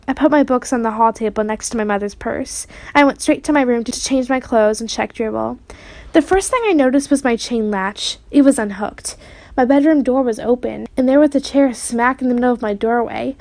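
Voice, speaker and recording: A woman reading a children's chapter book aloud in steady storytelling narration. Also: fairly high pitch, no room sound. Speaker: reader.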